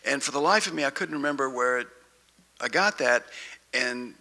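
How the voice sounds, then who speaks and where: A man, a poet, giving a festival poetry reading, chatty and halting between poems and unhurried when reading them. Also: medium pitch, animated, pushed and bright. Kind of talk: poetry reading with spoken introduction. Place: festival stage before an audience.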